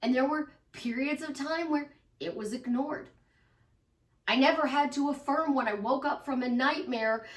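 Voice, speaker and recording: A woman life coach talking casually to her followers, emphatic and repetitive, sometimes acting out the voices in people's heads. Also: sits high. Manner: emphatic, repeats phrases, acts out inner voices. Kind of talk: casual monologue to camera. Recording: roomy echo, voice from a distance.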